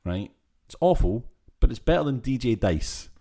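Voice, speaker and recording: A man's voice: mid-range voice, moderate pace, creaky. A man co-hosting a podcast, joking and making wordplay in casual banter. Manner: joking, wordplay, lively back-and-forth. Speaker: podcast co-host. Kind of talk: casual chat reviewing a film.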